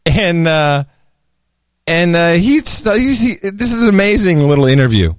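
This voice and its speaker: A man hosting a podcast in casual chat, animated and mocking, often slipping into sarcastic voices. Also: high voice, measured pace, no room sound, clean studio sound. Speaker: podcast host.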